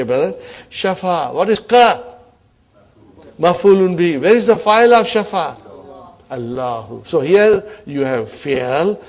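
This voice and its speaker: Man, Arabic teacher, classroom lesson, encouraging, question-asking, slightly high pitch. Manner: encouraging, asks the class questions, repeats words for emphasis. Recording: classroom lecture recording.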